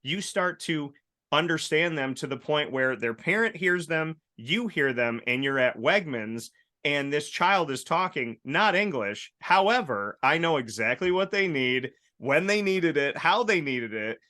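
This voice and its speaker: A man hosting a casual chat show, telling stories in a lively way and acting out the voices of the people in them. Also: fairly high pitch, a little slow. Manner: animated storyteller, acts out quoted voices. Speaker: host.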